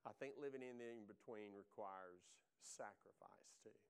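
Animated, resonant-voiced male preacher. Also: moderate pace, clear, resonant tone. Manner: animated preaching with wide swings in pitch and loudness, addresses the congregation. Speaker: pastor. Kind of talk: sermon.

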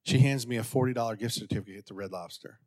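A pastor telling a personal story from the pulpit, acting out voices in a raised pitch and sinking to quiet, intimate passages. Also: male voice, fast. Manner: animated, acts out quotes in a raised pitch. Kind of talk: sermon storytelling.

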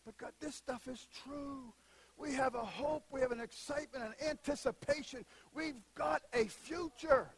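A man preaching a sermon, moving between quiet asides and loud, emphatic bursts. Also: extremely high pitch, moderate pace, poor audio. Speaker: pastor.

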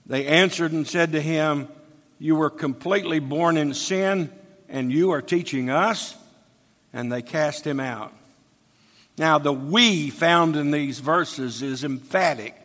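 A man preaches an expository sermon in a church sanctuary. He reads scripture aloud and then explains it verse by verse. His voice sits a little high and moves at an unhurried pace, and a long reverb trails every phrase. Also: a bit bright.

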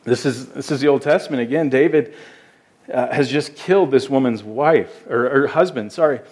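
Man, pastor, sermon, earnest, emphatic, mid-pitched voice. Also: moderate pace, a little mellow, husky. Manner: earnest, emphatic preaching with repeated words.

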